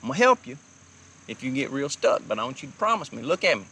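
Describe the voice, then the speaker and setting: A man playing a gentle, encouraging father who coaxes his son along with folksy talk, in a film drama. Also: mid-range voice, big pitch swings, quick pace, a little hiss or hum. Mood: coaxing. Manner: folksy, coaxing pep talk. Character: gentle, encouraging working-class Southern dad.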